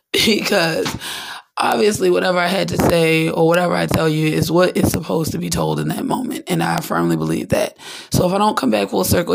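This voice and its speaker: A woman hosts her own podcast, giving a candid, rambling spiritual monologue at normal speed and often acting out little voices. Her fairly low voice is expressive and creaky, with background noise behind it.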